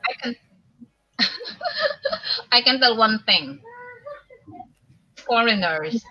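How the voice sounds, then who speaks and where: Filipino woman hosting a live chat, slow delivery, bright tone, slightly muffled, faint hiss. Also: on the high side, wildly swooping pitch, slightly rough, no echo. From Philippines. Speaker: livestream host. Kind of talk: casual chat.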